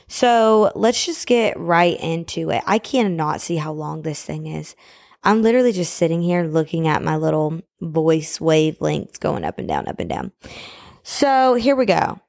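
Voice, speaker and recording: A young woman hosting a podcast from home, talking casually in a brash, opinionated way with lots of fillers, hot and a bit sweaty. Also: on the low side. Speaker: podcast host. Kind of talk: casual solo podcast rant. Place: at home at her table.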